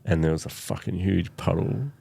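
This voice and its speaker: Gravelly man swapping stories. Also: deep voice, moderate pace. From Australia. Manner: loose, profane storytelling with lively quoted voices. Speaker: podcast guest. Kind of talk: casual storytelling chat.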